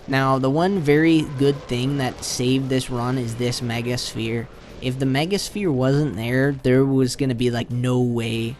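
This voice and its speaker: A man's voice: mid-range voice, steady tone, unhurried, darkish tone, a little hiss or hum. A man doing a casual, rambling voice-over commentary on his own gameplay, often retelling his reactions. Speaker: channel host.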